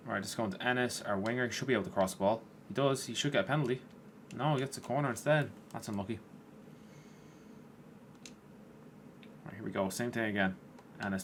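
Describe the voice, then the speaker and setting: Male gaming YouTuber, casual play-by-play, tired and sweary, lower register, light background noise. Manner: chatty, swears at players, rises in excitement. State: tired, yawning. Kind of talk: casual gameplay commentary.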